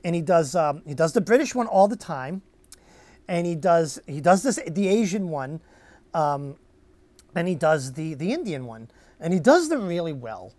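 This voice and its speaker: A woman's voice: fairly low pitch, very animated, moderate pace, darkish tone, no room sound. A woman hosting a casual live stream, rambling and teasing, often laughing between words. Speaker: livestream host.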